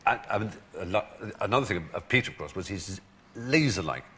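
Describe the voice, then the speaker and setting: An Englishman who is a talk show guest, telling anecdotes in an articulate, wry way with animated asides. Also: sits low, fairly quick. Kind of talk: anecdotal storytelling.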